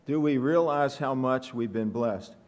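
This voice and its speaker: A man's voice: medium pitch, measured pace, darkish tone. A man preaching a sermon, asking the congregation questions and joking with them. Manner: conversational, asks the congregation questions, joking asides.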